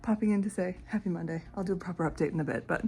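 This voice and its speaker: A woman chatting casually about books in a home vlog, talkative and quick to laugh. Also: lowish voice, creaky, a little mellow, a little hiss or hum. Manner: chatty, laughs often, frequent "like". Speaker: book vlogger. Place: home, on the couch.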